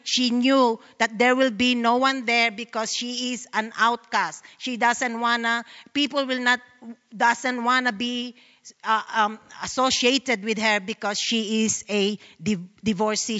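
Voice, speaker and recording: A woman's voice: fairly high pitch, steady tone, unhurried, bright, forceful tone, big-room sound, highs cut off. A woman with a Filipino accent giving an earnest sermon, reading Bible verses aloud and explaining them. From Philippines. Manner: earnest, reads scripture then explains it. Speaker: Bible study speaker.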